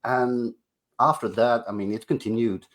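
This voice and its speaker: A man's voice: medium pitch, fairly even intonation, normal speed. A man speaking as a guest on a podcast, chatting casually and candidly. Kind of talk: casual chat.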